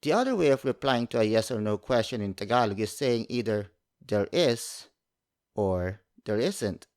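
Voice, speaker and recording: A man's voice: on the low side, expressive, moderate pace, a little mellow. A man teaching a language lesson, speaking carefully, repeating each word and spelling it out letter by letter.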